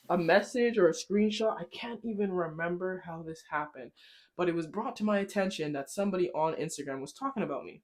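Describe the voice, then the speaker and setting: Young woman, podcast host, casual storytime, animated, swears, laughs a lot. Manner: animated, swearing, laughs often, voice jumps high when shocked.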